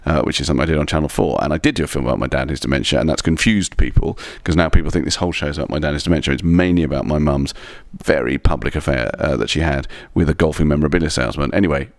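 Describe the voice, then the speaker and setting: Fast, gravelly, low-voiced Englishman. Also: no room sound. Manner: rambling, self-deprecating comic anecdotes. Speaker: comedian guest. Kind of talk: casual chat show interview.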